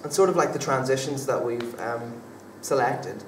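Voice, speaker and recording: A man's voice: medium pitch, moderate pace. A young man, a drama student, answering interview questions in a casual, hesitant way with many fillers and restarts. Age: young adult. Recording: echoey room from far off, faint background noise.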